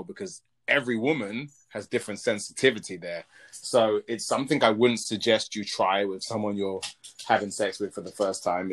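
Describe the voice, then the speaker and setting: A man in his twenties co-hosting a podcast, talking frankly and explicitly in a loose, rambling way. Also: fairly low pitch. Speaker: podcast co-host. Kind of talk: casual chat.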